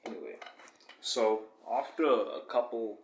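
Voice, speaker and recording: A man's voice: fairly low pitch, a little slow, echoey room, slight background noise. A young man in a casual vlog monologue, talking in a boastful, rambling way with many fillers.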